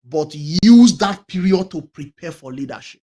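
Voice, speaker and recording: A man with a high-pitched voice delivers a motivational talk as a talk show host. He hammers his points with loud stresses and repetition, stumbling over restarts, and lets some phrases drop almost to a murmur. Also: lively intonation, unhurried. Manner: emphatic, repeats key phrases, many restarts; swings between loud stresses and quiet trailing words.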